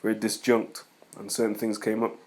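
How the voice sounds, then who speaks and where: A man's voice: on the low side, monotone, fairly quick. Man teaching scripture in a rambling style. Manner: rambling, conversational, reads scripture aloud then comments; argumentative, addresses critics directly. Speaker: religious teacher. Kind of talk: informal scripture teaching and rebuttal.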